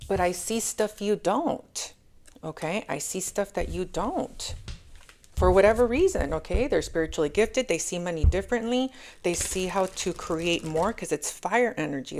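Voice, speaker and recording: A woman's voice: fairly low pitch, vocal fry, a little mellow, slight background noise. A woman doing a casual, chatty tarot reading, often checking in with "okay?" and calling her listeners angels. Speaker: tarot reader.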